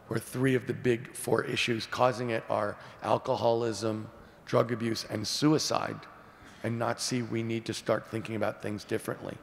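A man in his sixties, a presidential candidate answering questions at a forum in an earnest, measured way. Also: creaky. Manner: earnest, measured, repeats key phrases. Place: large hall at a public forum. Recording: echoey hall, faint rumble.

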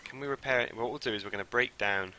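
A young man streaming a game live, who swings from mumbled asides to loud, panicky shouts. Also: medium pitch, fast. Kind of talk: live gameplay commentary.

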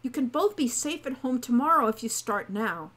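A woman voicing a gentle, earnest young sibling who urges others to leave. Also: fairly high pitch, animated, normal speed. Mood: tense. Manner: gentle, urgent.

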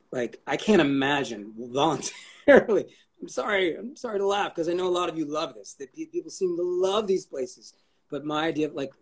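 A man chatting as an interview guest, rambling, swearing casually and cracking jokes. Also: mid-range voice. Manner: rambling, profane and jokey.

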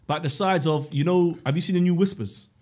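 Husky man telling comic stories. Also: fairly high pitch, a little fast. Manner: animated, comic storytelling. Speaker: podcast co-host. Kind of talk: casual chat.

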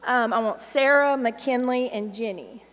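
A woman's voice: fairly high pitch, unhurried, a bit bright, a little hiss or hum. A woman, a children's ministry teacher speaking casually and affectionately to a church congregation, with filler words. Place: church sanctuary. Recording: reverberant church hall with congregation.

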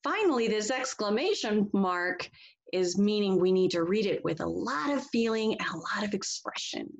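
A woman teacher giving a children's read-aloud lesson, reading slowly and expressively for young listeners to echo back. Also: mid-range voice, creaky. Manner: slow, expressive echo reading with exaggerated rises.

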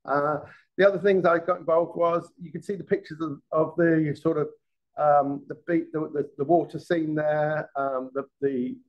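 On a muffled recording, a middle-aged English ex-detective teaches a live class with a slightly high voice. He keeps restarting words and checking in with those listening.

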